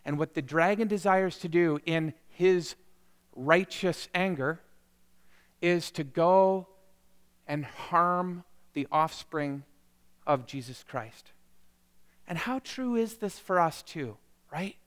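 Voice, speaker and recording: A man preaching a sermon, moving from quiet reflection to impassioned emphasis. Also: fairly high pitch, slow, long pauses, clear, resonant tone. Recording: long hall reverb.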